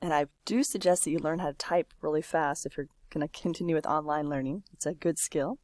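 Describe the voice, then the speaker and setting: A woman's voice: low voice, fairly even intonation, brisk, a little mellow, dry recording. A woman, a teacher walking learners through a language exercise and stretching out words as she explains. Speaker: Spanish teacher. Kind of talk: screen-recorded lesson walkthrough.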